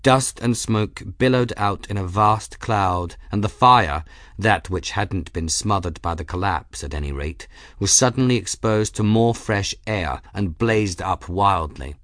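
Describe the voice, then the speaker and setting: Deep-voiced male audiobook narrator. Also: unhurried, fairly bright tone, no room sound, studio quality. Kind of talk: scripted narration.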